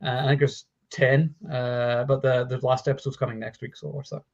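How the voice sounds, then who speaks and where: A man's voice: medium pitch, fairly quick, gravelly. Guy chatting about action movies, lots of ums and likes, swears a bit, kinda muffled lo-fi sound. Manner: animated, swears freely, many fillers. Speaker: podcast co-host. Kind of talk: casual chat about films.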